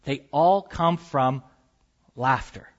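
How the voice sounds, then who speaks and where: A man's voice: mid-range voice, takes it slowly, muffled recording. A man preaching a sermon as pastor, conversational and storytelling, with light humor.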